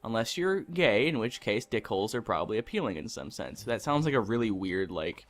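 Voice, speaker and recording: A man's voice: on the low side, sing-song, brisk. A young man hosting a gaming channel, chatting casually and ranting with lots of swearing while he plays. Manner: ranting, profane, rambling. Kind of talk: casual let's-play commentary.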